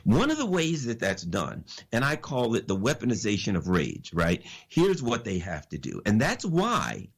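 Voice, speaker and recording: A man with a husky, medium-pitched voice appears as a radio guest giving impassioned political commentary. He's preachy, loaded with rhetorical questions and repeated phrases.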